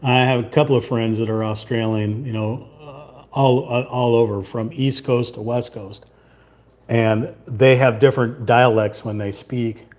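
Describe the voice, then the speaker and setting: Brief: livestream host, man, mellow tone, casual rambling chat at his painting table. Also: medium pitch, steady tone, a little slow. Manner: rambling, chatty, trails off into muttering.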